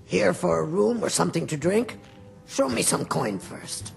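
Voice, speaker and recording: An actor playing a wary, defiant female lizard innkeeper in a video game, with a raspy, old-sounding voice. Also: high voice, lively intonation, normal speed, full character voice. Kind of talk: video game character dialogue. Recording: game audio with faint music.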